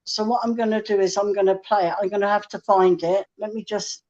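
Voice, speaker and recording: A guest musician chats on a live stream, telling a story and quoting the people in it like a chatty storyteller. Her medium-pitched voice is steady, brisk, and a little mellow. The stream audio is dull and lo-fi.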